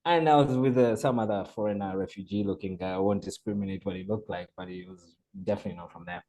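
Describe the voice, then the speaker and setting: A man's voice: low-pitched, fast talker, low-quality recording. A man in his forties from Zambia, telling stories as a podcast guest, acting out dialogue and laughing often. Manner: animated storyteller, acts out dialogue, laughs often. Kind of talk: casual storytelling interview.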